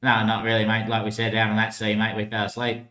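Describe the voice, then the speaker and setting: A man's voice: fairly low pitch, monotone, fast talker, pushed and bright, roomy sound. A man giving a rambling, surreal monologue. He swears a lot, drops "mate" into almost every line and laughs between thoughts. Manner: swearing, says "mate" constantly.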